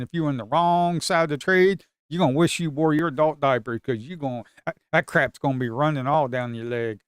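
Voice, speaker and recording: Man, livestream trader, excitable and chatty, clean voice, dry sound. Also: a little high, clean tone, dry recording. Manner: excitable, swings from shouting to muttering, talks to the market. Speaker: live trading streamer. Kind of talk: live commentary on his own trades.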